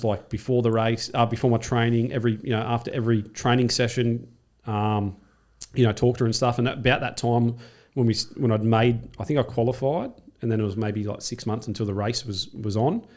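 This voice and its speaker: Man, Australian accent, thirties, quick talker, podcast guest, swears a lot, casual storytelling. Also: mid-range voice, steady tone, a little mellow. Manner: swears freely, laughs while telling stories. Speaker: podcast guest, triathlete and coach.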